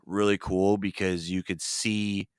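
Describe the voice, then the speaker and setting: A man hosting a casual podcast, rambling with lots of fillers and telling excitable stories. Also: sits low, unhurried, clean tone. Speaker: podcast host. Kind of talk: casual chat. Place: ice fishing shanty.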